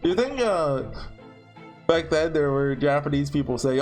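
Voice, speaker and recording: A streamer chatting through a story game, rambling and cutting off mid-sentence. The pitch sits mid-range but moves a lot. Faint music runs in the background. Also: animated, normal speed, a little mellow. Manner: chatty, rambling, self-interrupting. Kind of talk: casual gameplay commentary.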